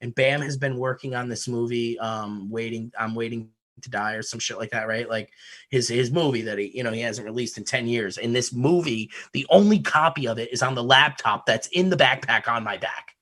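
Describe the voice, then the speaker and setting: A man's voice: medium pitch, normal speed. A man from Connecticut hosting a podcast, telling a wild story in a casual, profane way, laughing as he goes. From Connecticut, USA. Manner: profane, animated, laughs through his story. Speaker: podcast host.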